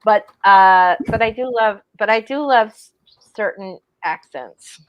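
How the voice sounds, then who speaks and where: A woman's voice: medium pitch, measured pace, highs cut off. A woman writer chatting casually on a video call, enthusiastic and jokey. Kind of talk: casual group chat on a livestream.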